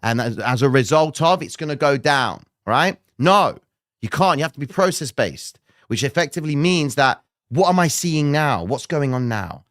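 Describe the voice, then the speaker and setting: A male trading show host answering questions in a blunt, swearing rant that jumps from low muttering to loud outbursts. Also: expressive, normal speed, dry recording, studio quality. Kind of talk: live trading Q&A, animated rant.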